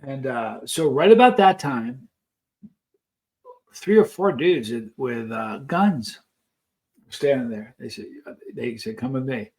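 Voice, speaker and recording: A man's voice: medium pitch, lively intonation, slow, long pauses. Guy telling a story while he snacks, chatty, lots of asides, ordinary mid voice. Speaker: vlogger. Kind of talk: casual storytelling while taste-testing snacks.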